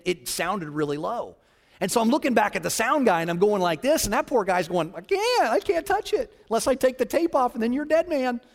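High-voiced preacher man in a reverberant hall. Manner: animated, acts out quotes with big pitch swings. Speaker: children's ministry leader. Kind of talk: sermon storytelling.

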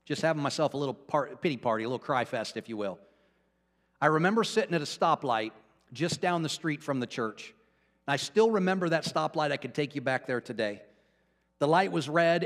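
A male pastor preaching a sermon, telling a personal story and swinging from hushed to fervent. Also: a little high, animated, fairly quick, long reverb tail. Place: church.

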